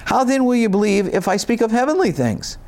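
A man's voice: high voice, sing-song, brisk, gravelly, a little mellow. A man preaching a sermon, reading scripture and explaining it in a conversational, folksy way with casual asides. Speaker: pastor.

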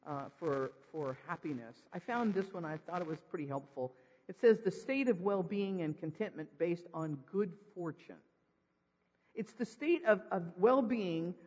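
A high-pitched man preaching in a church sanctuary, jokey and animated, tossing rhetorical questions at his congregation. His voice trails into a long reverb, and the recording sounds dull and lo-fi. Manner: animated, raises his voice for emphasis. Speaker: pastor. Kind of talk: sermon.

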